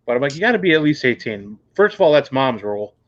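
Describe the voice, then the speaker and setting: An easygoing man hosting a casual talk show, chiming in and sharing his own side. His voice is mid-pitched. The recording is dull and lo-fi. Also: big pitch swings, fast talker. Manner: easygoing, backchannels often. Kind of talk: casual chat. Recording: dull lo-fi audio.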